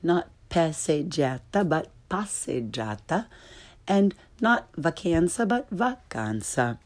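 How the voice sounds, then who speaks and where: Slow, low-voiced woman teaching pronunciation. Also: dark tone. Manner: slow, careful contrasting of wrong and correct pronunciations. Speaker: language teacher. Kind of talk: pronunciation lesson.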